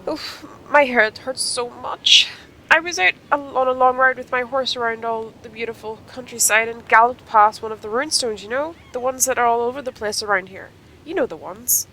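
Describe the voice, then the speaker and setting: A woman voicing an injured young woman rider, reading game dialogue aloud in a lively, upbeat voice. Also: fairly high pitch, slight background noise, voice pushed up, rough recording.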